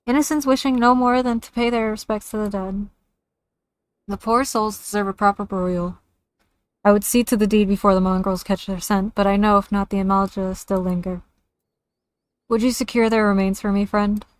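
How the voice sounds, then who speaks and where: A woman reads out a dutiful camp leader from a fantasy game, formal and steady in his lines. The voice sits at an ordinary middle pitch, earnest rather than theatrical. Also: smooth, no echo, natural voice. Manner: formal, measured reading of game dialogue. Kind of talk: reading game dialogue aloud.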